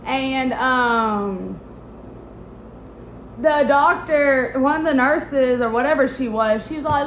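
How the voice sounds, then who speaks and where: A young woman with a high, bright voice tells a personal story in a loose, chatty way. She acts out other people's lines with sudden jumps in her voice. The sound is a bit muffled and echoes off the room. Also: slow pace, a little hiss or hum. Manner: animated, acts out quotes with big pitch jumps. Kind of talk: casual storytime vlog.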